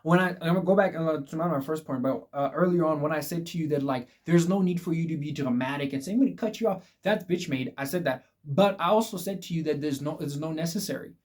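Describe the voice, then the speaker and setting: Young male vlogger, fairly high but mellow voice, blunt and repetitive, preachy advice. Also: fast, hardly any pauses. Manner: emphatic, repetitive, addresses viewers as guys. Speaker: vlogger giving life advice. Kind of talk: casual direct-to-camera advice talk.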